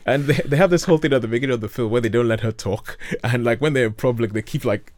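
A man's voice: mid-range voice, fast talker, darkish tone, dry recording. A man chatting casually about films as a host, enthusiastic and rambling, with frequent restarts. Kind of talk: casual film chat.

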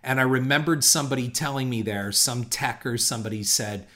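A man's voice: medium pitch, brisk, pushed and bright. A middle-aged man hosting a podcast, telling a long personal story in a reflective, rambling way with frequent restarts. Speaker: podcast host.

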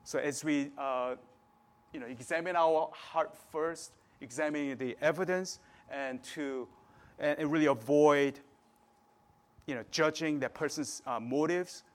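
A man's voice: on the high side, a little slow. A man preaching a sermon in a conversational way, often checking in with the listeners. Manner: conversational preaching, frequent "right?" tags.

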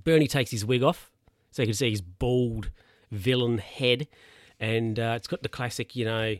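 A man's voice: medium pitch, normal speed, no echo. Male podcaster, dry close sound, loose filler-heavy recap delivery. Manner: rambling, filler-heavy, self-correcting. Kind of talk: casual film recap.

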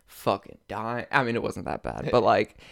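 A man's voice: fairly low pitch, big pitch swings, moderate pace, creaky, a bit bright. A young man co-hosting a podcast, chatting casually, laughing a lot and mocking himself. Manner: laughing often, crude and self-mocking. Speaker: podcast co-host. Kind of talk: casual chat.

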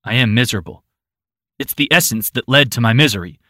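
A man's voice: mid-range voice, a little fast, bright, forceful tone, dry recording. A man voicing a bitter, stern brother in an audiobook. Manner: stern, clipped, sarcastic.

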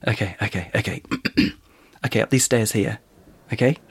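A man's voice: lowish voice, gravelly. A man co-hosting a podcast, chatty and giggly, telling a long joke. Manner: chatty, giggly, drawn-out storytelling. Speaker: podcast co-host. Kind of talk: playful comedy banter and joke telling. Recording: echoey room with faint noise.

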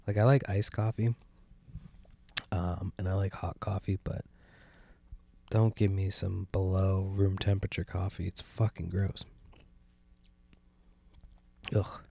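A man's voice: low voice, level tone, measured pace, creaky, pauses often, warm tone, no echo. A young adult man hosting a casual solo podcast, rambling and complaining with lots of swearing and a sardonic edge. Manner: profane, rambling, meandering. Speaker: podcast host. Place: sitting at home by a window.

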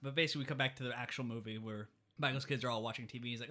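A man with a bright, forceful voice talks through a film plot in a loose, rambling way. He leans on "like" and trails off mid-thought as he goes. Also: medium pitch, fairly even intonation, rapid-fire. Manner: rambling, lots of "like" fillers. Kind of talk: casual movie recap chat.

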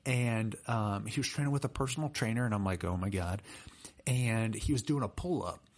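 Young man, podcast co-host, lower-pitched, loose animated storytelling. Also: moderate pace. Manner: chatty, animated storyteller with laughs and fillers. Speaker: personal trainer and podcast co-host. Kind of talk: casual podcast chat and storytelling.

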